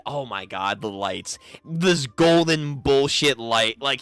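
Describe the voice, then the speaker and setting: A man's voice: medium pitch, expressive, slow, a bit bright, clear, resonant tone, dry recording, faint music behind. A young man giving casual, profane, joking reaction commentary, laughing often as he talks. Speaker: reaction streamer.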